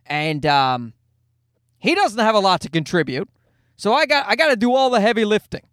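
A man's voice: sits high, very animated, normal speed, a bit bright, no echo, studio quality. A man, a father, casually telling a rambling, self-mocking anecdote in a jokey monologue.

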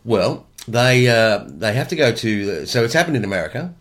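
A man's voice: medium pitch, very animated, normal speed. A man chatting casually on a podcast, mock-serious and joking, often stumbling and restarting. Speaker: podcast co-host. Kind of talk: casual chat.

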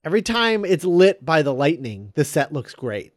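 Animated man in dry close-miked chat. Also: on the high side, moderate pace, no echo. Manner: animated, joking. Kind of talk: casual film discussion.

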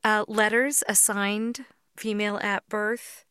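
A woman's voice: medium pitch, steady tone, normal speed, a bit bright, clear, resonant tone, dry recording, clean studio sound. A woman hosting a podcast interview, heartfelt and tearful as she praises her guest. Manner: emotional, tearful while reading aloud. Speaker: podcast host.

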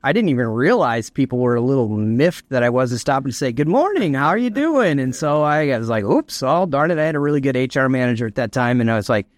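A man's voice: mid-range voice, fast talker, hardly any pauses, dry recording. Podcast cohost guy, casual storytelling, dry close sound. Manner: conversational storyteller. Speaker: podcast co-host.

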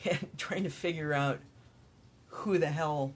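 A man's voice: fairly high pitch, steady tone, slow. A man co-hosting a podcast, chatting casually and enthusiastically, laughing often, and sounding worn out. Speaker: podcast co-host. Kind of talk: casual chat.

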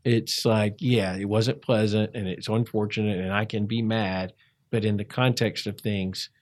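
A man telling his life story in a conversational interview, reflective and halting, with frequent restarts. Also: fairly low pitch, steady tone. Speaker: interview guest.

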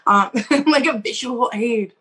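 A young woman co-hosting a podcast, telling a story in a casual, animated way and acting out the quotes with laughs. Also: fairly high pitch, slow, husky. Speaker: podcast co-host.

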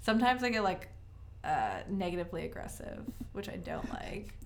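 A young woman telling a travel story in casual chat, animated and full of fillers, swinging from loud to soft. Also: lowish voice, normal speed, a little hiss or hum.

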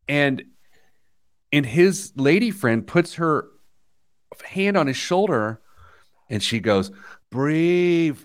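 A man's voice: mid-range voice, dry recording, studio quality. An American man hosting a podcast, telling a self-mocking story in casual chat. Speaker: podcast host; youth soccer coach.

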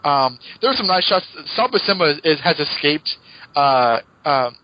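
A man's voice: a little high, animated, a little slow, highs cut off, a little hiss or hum. A man co-hosting a casual comic book podcast, retelling plots in a chatty way and laughing often. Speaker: podcast co-host.

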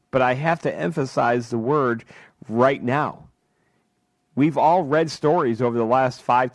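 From a studio microphone, a male talk radio host delivers an impassioned political monologue packed with rhetorical questions. His voice is medium in pitch, with no echo.

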